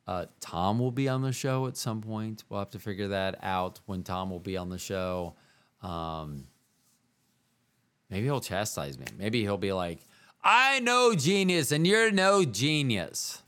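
Smooth and low-pitched, a man talks a little slowly in a casual solo podcast monologue he hosts himself. He rambles and pokes fun at himself, drifting through asides and jumping between different voices.

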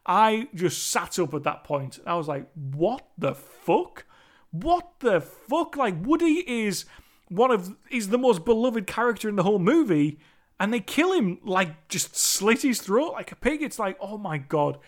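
A man's voice: high voice, big pitch swings, normal speed. A man recapping a film scene in a casual, emphatic, sweary way, often repeating himself. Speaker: movie reviewer.

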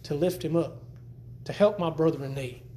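Man preaching in church, high voice, folksy, emphatic, echo from the room. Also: normal speed, mellow, slight background noise. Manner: folksy and emphatic, repeats words while teaching. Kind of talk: sermon.

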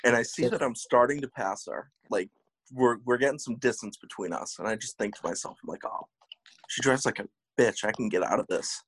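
A young man spins a rambling, profane story among friends. His voice is husky, pitched in an ordinary middle range, and he keeps laughing as he talks. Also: brisk, dry recording, poor audio. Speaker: podcast host. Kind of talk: casual storytelling chat.

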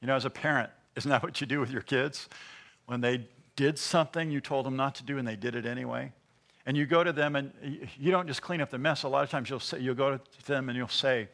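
A man's voice: mid-range voice, animated, fairly quick, pushed and bright. A man preaching a sermon, teaching earnestly and asking his listeners rhetorical questions.

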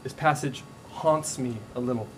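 A man preaching a sermon as a pastor, telling stories in a casual, animated way with frequent restarts. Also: medium pitch, moderate pace, slight background noise, rough recording.

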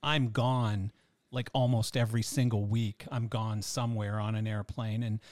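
A man's voice: lowish voice, flat delivery, normal speed, darkish tone, dry recording. A man hosting a podcast in casual chat, backing up his guest with short agreeing replies. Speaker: podcast host.

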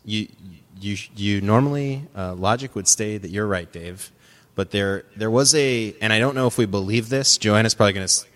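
Lower-voiced man podcast co-host. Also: moderate pace, a bit bright. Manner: thoughtful, self-correcting, laughs often. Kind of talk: casual podcast discussion.

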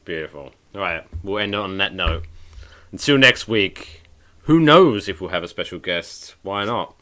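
British man, podcast co-host, low voice, crisp bright tone, wry casual chat. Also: expressive, a little slow. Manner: wry, joking, swears casually.

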